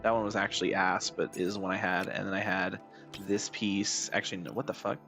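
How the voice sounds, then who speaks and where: A man with a rough, hoarse voice giving casual gameplay commentary as a streamer, rambling, thinking out loud and swearing a lot. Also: sits low, little pitch movement, brisk, faint music behind. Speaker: game streamer.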